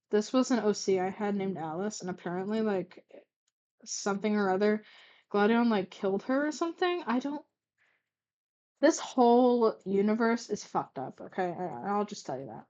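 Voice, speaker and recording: A woman's voice: medium pitch, moderate pace, a little mellow, muffled recording. A young woman casually reading her own old fanfic aloud, stuttering and stumbling with fillers and self-corrections, and commenting along the way.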